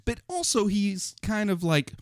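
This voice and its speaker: A man co-hosting a podcast in a studio, talking casually about a movie in an animated way and slipping into playful impressions. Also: sits high, unhurried, no echo. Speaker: podcast co-host.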